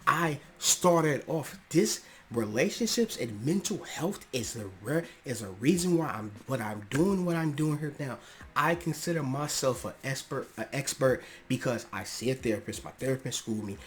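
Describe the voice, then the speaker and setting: Earnest podcast host, passionate and slangy. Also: male voice, medium pitch, lively intonation, moderate pace. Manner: earnest, passionate, rising to emphatic outbursts; casual slangy speech with restarts. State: clearing his throat often. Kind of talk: personal monologue on mental health.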